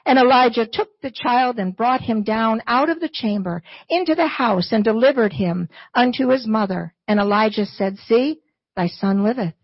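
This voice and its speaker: A woman's voice: on the high side, animated, normal speed, hardly any pauses, husky, no room sound, muffled recording. A woman preaching and reading scripture to her church, earnest and emphatic and repeating key phrases. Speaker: church speaker, not the pastor.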